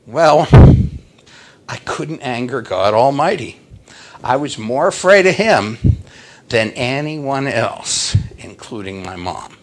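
A man's voice: mid-range voice, lively intonation, slow pace. An older man preaching a sermon, telling a story in a dramatic, emotive way.

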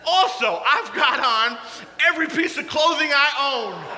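A man voicing an eager, cheerful male biker friend who talks loud and excited. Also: very high voice, measured pace, long reverb tail, voice pushed up, heavily acted.

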